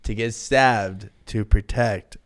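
A man's voice: lowish voice, takes it slowly, fairly bright tone. A young man talking as a podcast guest in a casual, laid-back way, swearing freely and laughing at himself. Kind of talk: casual chat.

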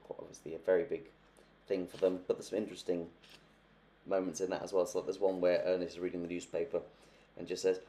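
A young man talking books on a podcast, his voice low and mellow. He chats easily and slips into little voices for the people he describes. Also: little pitch movement, fast talker. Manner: chatty, acts out quoted characters. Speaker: podcast co-host. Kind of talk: casual book chat.

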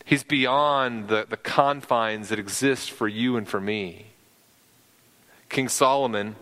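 A man's voice: medium pitch, a bit bright, in a large hall. A male pastor preaching a sermon, earnest and often repeating words as he works through a point.

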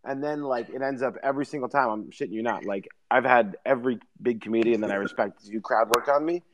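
A man co-hosting a casual podcast chat, an animated storyteller who swears freely. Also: medium pitch, fast talker, a little hiss or hum. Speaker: podcast co-host.

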